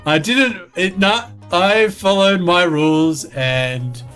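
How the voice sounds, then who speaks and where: A man's voice: high-pitched, takes it slowly, a bit bright. Australian man, teasing podcast host, playful, faint music underneath. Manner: playful, teasing, laughs often. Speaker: dungeon master and podcast host. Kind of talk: casual podcast outro chat.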